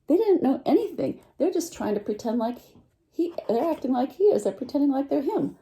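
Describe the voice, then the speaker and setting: Warm animated woman reading a picture book. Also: high voice, fairly quick. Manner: animated, asks listeners questions, lively voice swings. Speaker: teacher reading to children. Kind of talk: picture-book read-aloud.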